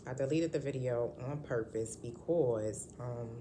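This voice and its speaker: A woman's voice: very deep voice, a little slow, noisy background. A woman at home talking to her channel in a casual vlog, rambling and candid with lots of ums and restarts. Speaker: vlogger. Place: at home indoors.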